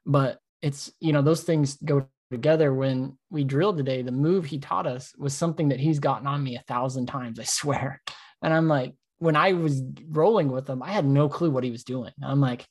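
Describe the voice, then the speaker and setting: A man co-hosting a casual podcast, telling animated stories, acting out his own thoughts and swearing often. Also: medium pitch, normal speed. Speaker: podcast co-host.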